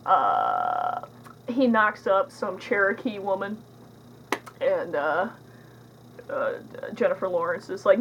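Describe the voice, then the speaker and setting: A woman's voice: mid-range voice, wildly swooping pitch, takes it slowly, gravelly, pauses often, a bit bright, dull audio, slight background noise. A young woman casually reviewing a movie, rambling and sarcastic, with lots of filler words.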